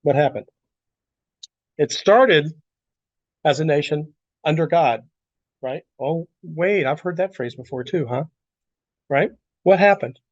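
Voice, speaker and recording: A man's voice: a little high, takes it slowly, long pauses, no room sound, lo-fi sound. A man teaching a Bible lesson to a class in a church room, talking loosely and asking the group questions. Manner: conversational, asks the class questions, many restarts.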